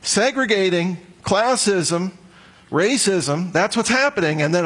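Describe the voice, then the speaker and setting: Male pastor, husky and slightly high-pitched, animated expository preaching. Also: measured pace. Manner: animated expository preaching, acts out quoted voices. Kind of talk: sermon.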